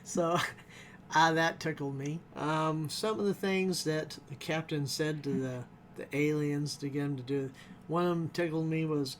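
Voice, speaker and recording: A man gives a loose, rambling spoken review of a TV episode, chuckling often. His voice is a little high for a man, with fairly even intonation and an unhurried pace, and a faint hiss runs under the recording.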